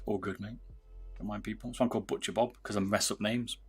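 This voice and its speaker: A man's voice: fairly low pitch, fairly even intonation, quick pace, husky, soft background music. A British man chatting casually with viewers on a livestream while soldering, calling people "mate". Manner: chatty, talks to viewers, says "mate" a lot. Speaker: livestreamer modding gaming mice.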